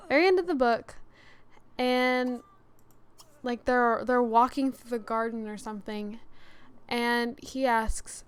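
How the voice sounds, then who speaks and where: A woman's voice: high-pitched, unhurried, smooth, no echo. A young woman chatting casually over a life-sim game, rambling and scatterbrained, talking to herself as she plays. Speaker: let's-play gamer. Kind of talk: casual gameplay commentary.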